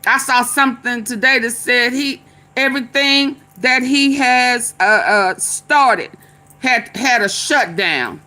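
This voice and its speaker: A woman's voice: a little high, slow pace, bright, forceful tone. A woman vlogger giving casual, chatty political commentary, laughing often and chanting refrains.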